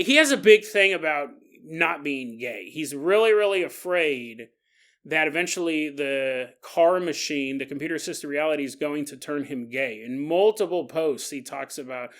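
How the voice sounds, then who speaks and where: A man's voice: on the high side, expressive, normal speed, pushed and bright. A man hosting a podcast in a casual, joking monologue, laughing often and making asides to listeners. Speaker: podcast host.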